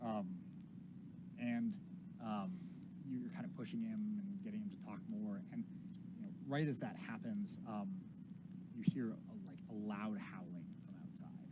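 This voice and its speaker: A man's voice: fairly low pitch, unhurried. A man running a tabletop horror game as game master, narrating casually with many fillers. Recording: loud background hiss.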